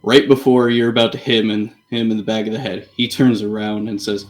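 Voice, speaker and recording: A man who is the game master, narrating a tabletop game in a slow, deliberate, grim way. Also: on the low side, level tone, soft background music.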